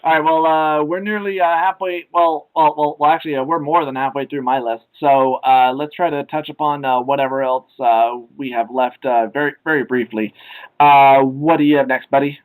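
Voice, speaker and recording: A young man co-hosting a casual podcast, rambling with many filler sounds and now and then shouting out quoted lines. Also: a little high, fairly even intonation, moderate pace, smooth, low-quality recording. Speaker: podcast co-host.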